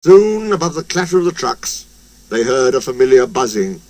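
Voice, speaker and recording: A man narrating a children's storybook in an expressive, sing-song way. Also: medium pitch, normal speed, no room sound. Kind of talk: storybook reading.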